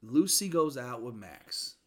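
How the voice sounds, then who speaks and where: A man in a casual chat, excitedly retelling movie scenes and acting out the lines. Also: mid-range voice, takes it slowly. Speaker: movie reviewer.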